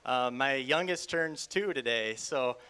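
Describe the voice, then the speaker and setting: A young man from Iowa, an auction school student, speaking softly about his family and calling bids in a rapid rhythmic chant. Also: mid-range voice, a little hiss or hum. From Iowa, USA. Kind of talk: auctioneer's bid calling and interview.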